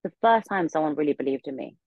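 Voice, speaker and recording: A woman's voice: low voice, animated, fast, creaky, dry recording, muffled recording. A young woman, a podcast guest in her room, telling a story casually and rambling with many filler words.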